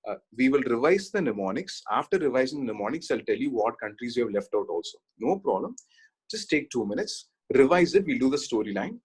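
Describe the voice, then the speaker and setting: A man's voice: medium pitch, big pitch swings, fairly quick, breathy edge. A man teaching an exam-prep class, telling stories and often checking that students follow. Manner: storytelling with frequent check-ins. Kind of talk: online exam-prep lecture.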